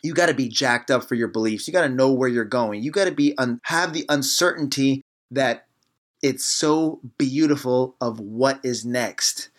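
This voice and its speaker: A man giving a fired-up motivational podcast talk in the manner of a life coach. He preaches in punchy, repeated short phrases at a middle pitch. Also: moderate pace.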